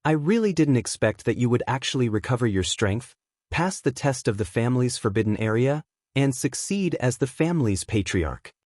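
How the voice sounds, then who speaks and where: A calm, measured clan elder speaks with quiet pride about his son, as a male audiobook narrator gives him a voice. The delivery stays steady and even. The sound is dry and close. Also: medium pitch, no room sound, lightly acted. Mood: calm, gratified. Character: proud recovering father, clan elder, calm.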